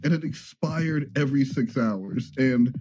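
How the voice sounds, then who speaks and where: A man's voice: medium pitch, a little slow, dark tone, slight background noise. A man on a livestream wryly telling a story, with asides along the way.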